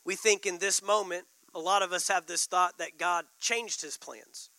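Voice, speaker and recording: A man's voice: high-pitched, fairly even intonation, moderate pace, bright, forceful tone, no echo, low-quality recording. A man preaching a sermon, building emphasis and repeating key lines. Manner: preaching with rising emphasis and repetition. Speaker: pastor.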